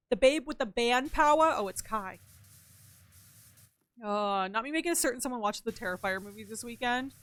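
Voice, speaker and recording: Young woman, high voice, gaming streamer, casual chat, swears freely, answers chat. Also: animated, moderate pace, long pauses, no echo. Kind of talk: casual chat while playing a game.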